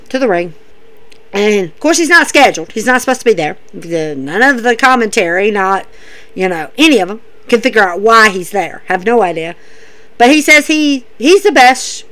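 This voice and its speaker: A woman's voice: a little high, a bit bright. A woman hosting a casual recap show, emphatic and sarcastic, repeating phrases for effect. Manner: sarcastic, mocking asides. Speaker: wrestling recap host.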